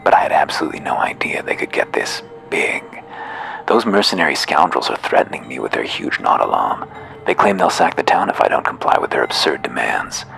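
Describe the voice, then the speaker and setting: Man plays flustered fussy mayor, prim politeness, lively pitch swings. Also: a little fast, creaky, in a whisper, faint music behind, full character voice. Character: flustered fussy woman village mayor, nervous.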